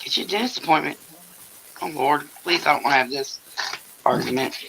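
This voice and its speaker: A man's voice: on the high side, brisk, gravelly, background noise. An older man hosting a casual livestream from home, telling stories bluntly with swearing and laughter. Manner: blunt, profane storytelling with laughter. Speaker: livestream host. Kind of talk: casual chat.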